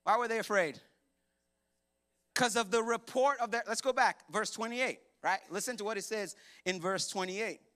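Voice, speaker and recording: A man preaching a sermon in a church, animated and joking as he acts out quoted voices. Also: high-pitched, moderate pace. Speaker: pastor. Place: church hall.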